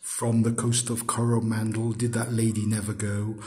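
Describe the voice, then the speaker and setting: A man giving a poetry recital in a rhythmic, measured reading voice. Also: fairly low pitch, level tone, a little mellow. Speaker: poetry reader.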